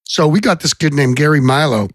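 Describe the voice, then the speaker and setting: A man's voice: on the high side, fairly quick, dry recording. A middle-aged man and songwriter telling rambling stories as a guest on a casual podcast. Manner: rambling anecdotes with restarts. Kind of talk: casual storytelling chat.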